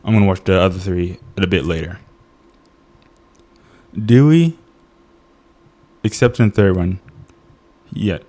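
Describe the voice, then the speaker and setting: A man's voice: deep voice, expressive, a little slow, pauses often, a little mellow. A man giving a casual, comedic movie review, ranting in exasperation, often laughing and restarting his sentences.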